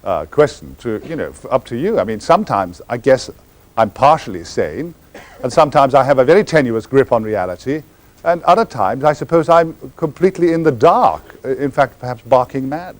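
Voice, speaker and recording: A man's voice: mid-range voice, expressive, fairly quick. An older Englishman, answering audience questions in a wry, theatrical and meandering storytelling manner. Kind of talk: anecdotal audience Q&A.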